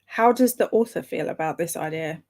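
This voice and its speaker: A woman chatting casually with live viewers, reading out their comments, chatty and excitable, with a gravelly voice. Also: fairly low pitch, normal speed. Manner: chatty and excitable, breaks into laughs and sudden whispers. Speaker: streamer reading live chat.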